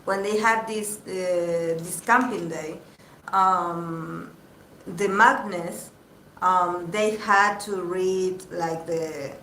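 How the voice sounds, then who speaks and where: A woman giving a casual live tarot reading, chatty and halting with many fillers. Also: lowish voice, steady tone, bright, forceful tone. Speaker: tarot reader. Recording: echoey room with faint background noise.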